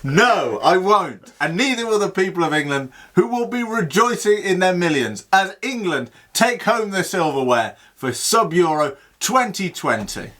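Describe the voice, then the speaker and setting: A man's voice: high voice, very animated, a little slow, hardly any pauses, bright, forceful tone, exaggerated voice. A man playing a jubilant, gloating English football presenter who taunts his co-host in a comedy sketch. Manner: gleeful, taunting, showy sign-off.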